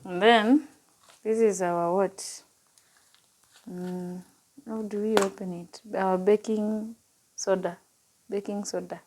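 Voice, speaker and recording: A woman's voice: medium pitch, fairly even intonation, slow pace, long pauses, slight background noise, poor audio. Earnest woman vlogger. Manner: heartfelt and earnest, with soft, hushed stretches; chatty and upbeat, speaks to viewers directly. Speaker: vlogger and nutrition coach. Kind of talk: personal vlog talk to camera.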